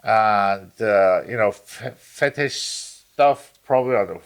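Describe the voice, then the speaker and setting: A man co-hosting a podcast, bantering crudely in a rambling, halting way with lots of fillers. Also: lowish voice, vocal fry, clear, resonant tone. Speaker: podcast co-host.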